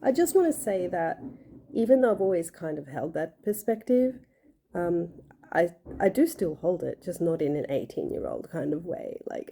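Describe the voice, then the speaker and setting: A woman's voice: on the low side, big pitch swings, moderate pace, creaky, warm tone, a little hiss or hum. A young woman, talking casually and earnestly to her viewers, with many fillers. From Australia. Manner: chatty and earnest, many fillers, acts out quoted voices. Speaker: vlogger. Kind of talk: casual personal talk to camera.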